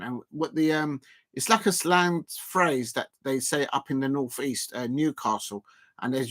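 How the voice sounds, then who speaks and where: A man's voice: a little high, a little slow, fairly bright tone. A man hosting a live football watch-along, chatting to viewers while he eats, rambling with lots of fillers and restarts. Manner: chats to viewers while eating. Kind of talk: casual live-stream chat.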